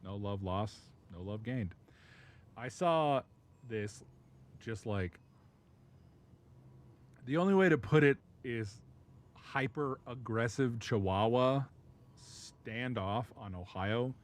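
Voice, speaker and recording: A man's voice: medium pitch, animated, takes it slowly, long pauses. A man streaming and telling a rambling dog story, laughing often and swearing freely. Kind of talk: casual chat.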